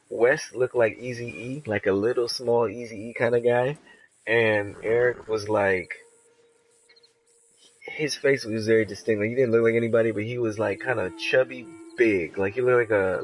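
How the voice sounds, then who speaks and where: A young man casually telling a story while playing a game, animated and profane, full of filler words. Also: mid-range voice, low-quality recording. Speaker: streamer.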